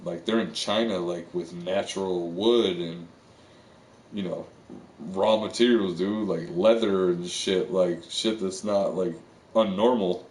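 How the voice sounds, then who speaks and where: A man's voice: low-pitched, fairly even intonation, slow pace, darkish tone. A man streaming live, rambling on in a casual, profane monologue full of fillers. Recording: echoey room, far from the mic.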